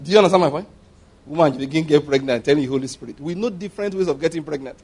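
A man preaching a sermon, animated and humorous, often restarting sentences and acting out the voices he quotes. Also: a little high, fast, husky.

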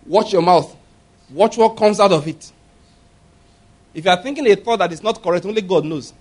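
A man with a high voice preaching a sermon. He tells stories animatedly, acting out laughter and voices. He speaks emphatically, putting questions straight to the listeners. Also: animated, normal speed, darkish tone. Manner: emphatic, addresses congregation directly.

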